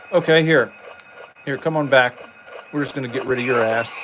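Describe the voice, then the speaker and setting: A man streaming a survival horror game, chatting casually with rambling jokes and sudden excited outbursts. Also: medium pitch, quick pace, a little hiss or hum, low-quality recording. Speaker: gameplay streamer. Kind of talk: casual gameplay commentary.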